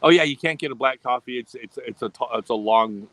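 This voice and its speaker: A man's voice: mid-range voice, fairly quick, fairly bright tone, no room sound, rough recording. A middle-aged man chatting casually on a livestream, rambling and often restarting his sentences. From United States. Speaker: livestream host.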